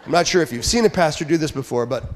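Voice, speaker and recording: A man preaching a sermon as pastor, talking conversationally and joking, then dropping into quiet asides. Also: on the high side, expressive, very fast, slight background noise. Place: church sanctuary. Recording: long church hall reverb.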